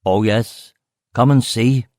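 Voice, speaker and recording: A grizzled, worn-out police chief of about fifty, blunt and quick to swear, with a faint Scottish accent, as a male narrator puts him on. He speaks in a dry, close audiobook recording. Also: medium pitch, warm tone, dry recording, close to an everyday voice. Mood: blunt, weary.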